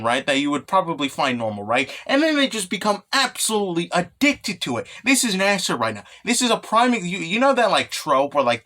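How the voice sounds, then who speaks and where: A man giving a casual comic recap, excitable and rambling, swearing with lots of fillers. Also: on the high side. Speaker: manga recap vlogger.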